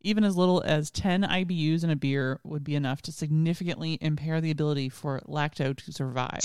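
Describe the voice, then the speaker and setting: A co-host on a podcast, reading out facts about brewing and breaking into giggles along the way. The voice sits in the middle of the range, smooth and resonant. The sound is dry and close, with no room around it. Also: medium pitch, darkish tone, dry recording. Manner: giggly, explains facts between bursts of laughter. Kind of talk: casual podcast chat.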